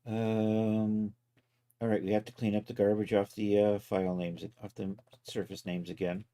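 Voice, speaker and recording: Guy with a lower voice chatting through his 3d software steps on stream, kinda joking at himself. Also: level tone, moderate pace. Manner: talks himself through each step, loose and self-mocking. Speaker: livestreaming 3D content creator. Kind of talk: casual live software walkthrough.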